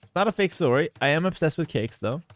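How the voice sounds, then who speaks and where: Male esports caster, chatty storyteller, lively delivery, slightly high, dry close mic. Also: quick pace, dry recording. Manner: animated, talkative, many fillers and asides. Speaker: game caster and streamer. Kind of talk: casual storytelling and esports commentary.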